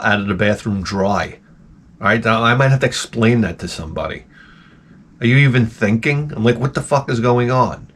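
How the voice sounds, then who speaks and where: A man's voice: lowish voice, fairly bright tone, a little hiss or hum. Profane rambling male storyteller. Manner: profane, rambling storyteller who acts out his own reactions. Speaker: channel host. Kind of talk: rambling casual monologue.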